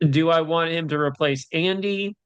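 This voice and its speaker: A man's voice: a little high, moderate pace, smooth, dull audio. A man co-hosting a podcast in casual chat, rambling with lots of fillers. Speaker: podcast co-host.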